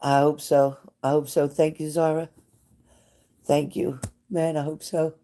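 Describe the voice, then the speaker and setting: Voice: medium pitch, little pitch movement, measured pace, dark tone. Psychic reader on a live stream, chatty, keeps repeating stuff, calls out viewers by name, gets real emotional. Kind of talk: casual live-stream reading.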